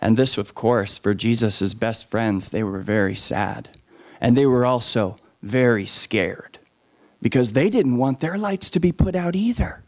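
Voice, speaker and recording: A man telling a story to children, animated and asking the listeners questions along the way. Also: mid-range voice, a little slow.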